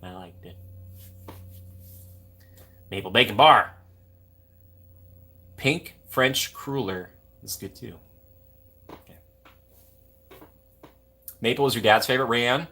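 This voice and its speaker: A man's voice: medium pitch, takes it slowly, long pauses, sharp tone, husky. A young man from Minnesota, hosting a livestream, chatting casually and going off on jokey tangents while reading viewer comments. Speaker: livestream host.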